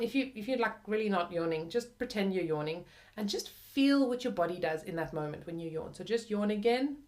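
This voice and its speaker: A woman's voice: medium pitch, expressive, moderate pace, a little mellow. A young adult woman teaching flute in a friendly, chatty way, often using "like" and "kind of". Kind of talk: video lesson.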